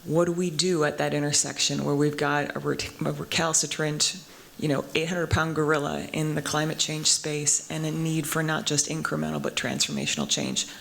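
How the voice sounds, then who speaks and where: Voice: mid-range voice, normal speed, vocal fry, a bit bright. A panel moderator asking long, winding questions at a conference.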